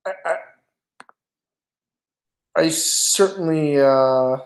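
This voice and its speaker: A man's voice: fairly high pitch, very slow, gravelly. A man with a slightly raised voice hosts a casual live stream. He talks in an easygoing way, often hesitating and restarting mid-sentence. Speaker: stream host.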